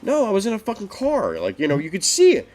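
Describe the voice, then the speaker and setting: A man on a casual live stream, telling road stories in an animated way and swearing a lot. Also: sits high, fast, soft background music. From northeastern US. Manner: animated storytelling, heavy swearing. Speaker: podcast co-host.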